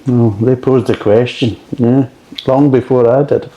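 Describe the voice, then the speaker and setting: A man's voice: mid-range voice, steady tone, a little slow, warm tone, poor audio. A middle-aged man with a Scottish accent reviewing beer in a blunt, grumbling way and swearing often.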